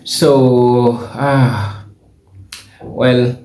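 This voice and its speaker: A man's voice: mid-range voice, fairly even intonation, very slow, a little mellow, roomy sound. A man from Kenya hosting a reaction commentary, questioning and hesitant, with many fillers. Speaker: host.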